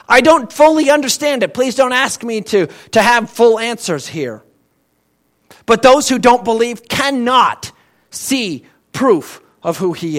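A man preaching a sermon as pastor, emphatic and conversational, asking the congregation questions and swinging between loud and quiet. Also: high voice.

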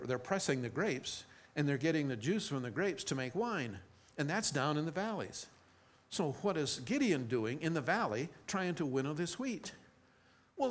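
Man reading scripture and preaching. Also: medium pitch. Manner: conversational teaching with frequent restarts. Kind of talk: Bible reading and sermon.

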